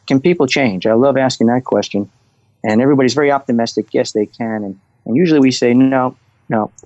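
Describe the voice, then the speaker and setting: A middle-aged man talking as a guest on a podcast, telling anecdotes and getting animated when he quotes people. His voice comes through slightly dull and dry, with no room sound around it. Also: medium pitch, fast talker, no room sound. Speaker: guest, restaurant executive and coach. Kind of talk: conversational interview.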